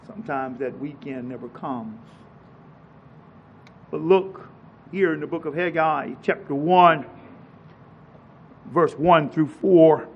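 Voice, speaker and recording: A man preaching a sermon, reading scripture slowly and then pressing his points with rising emphasis and repeated phrases. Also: a little high, breathy edge, lo-fi sound.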